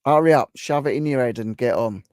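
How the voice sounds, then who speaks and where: A man hosts a relaxed live stream, answering viewers' comments one by one. His voice is gravelly and sits at an ordinary pitch. The sound is dry and close, with no room around it. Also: fairly quick, dry recording. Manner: chatty, reacts to viewers' guesses. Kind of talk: casual chat reading out viewer comments.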